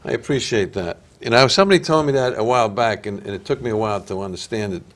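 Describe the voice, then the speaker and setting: Older man, Italian-American accent, nasal, lowish voice, relaxed storyteller. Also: quick pace. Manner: storytelling, easygoing. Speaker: guest actor. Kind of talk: casual interview chat.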